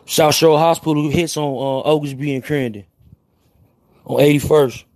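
Hosting a livestream, this young man from Chicago speaks with a Chicago accent, using brash street slang and repeatedly apologizing as he chats casually with viewers. His voice is on the high side and a little mellow, with a steady tone and a moderate pace.

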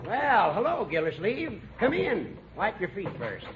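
A fussy old judge. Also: male voice, high-pitched, huge pitch swings, a little slow, over loud music, heavily acted. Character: fussy older male judge. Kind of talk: 1940s radio comedy acting. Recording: muffled old radio broadcast.

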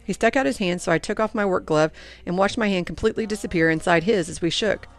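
A woman reading first-person audiobook narration in an earnest, expressive way. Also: on the low side, fast.

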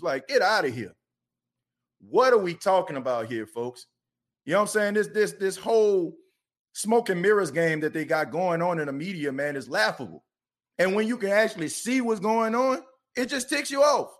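A fired-up man rants on a sports podcast. His voice sits high for a man, and he keeps circling back and repeating himself as his passion builds. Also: animated, a little fast. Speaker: podcast host.

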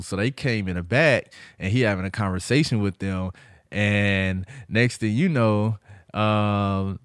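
Man, podcast host, lowish voice, casual storytelling, dry close mic. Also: dry recording. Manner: animated retelling, acts out quoted voices.

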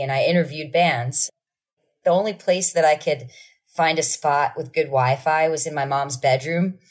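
A woman musician telling casual stories as a podcast guest, acting out the people in them. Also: low voice. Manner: lively anecdotes with acted-out quotes. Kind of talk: casual storytelling.

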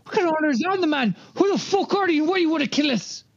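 A brutal warrior snarls taunts and curses at a captive, his voice pushed high, as a man puts him on. The sound is dry and a little dull, like a home recording. Tabletop game role-play. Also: expressive, quick pace, gravelly, dry recording, exaggerated voice. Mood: taunting angry. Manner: taunting, swearing, shouty.

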